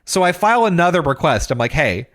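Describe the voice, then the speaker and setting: Animated man telling a story. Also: fairly high pitch, quick pace. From Texas. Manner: animated, acts out quoted people, swears, laughs mid-story. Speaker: podcast host. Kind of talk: casual storytelling.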